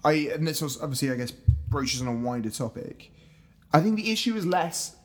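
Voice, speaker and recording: A man's voice: fairly high pitch, big pitch swings, a little fast. A man co-hosting a casual film review chat, thinking aloud with many restarts and hedges. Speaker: podcast co-host.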